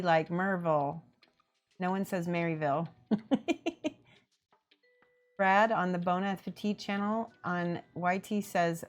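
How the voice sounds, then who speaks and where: A woman painting miniatures on a stream, chatting casually, reading chat aloud and laughing often. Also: lowish voice. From American Midwest. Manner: chatty, laughs often, plays with word pronunciations.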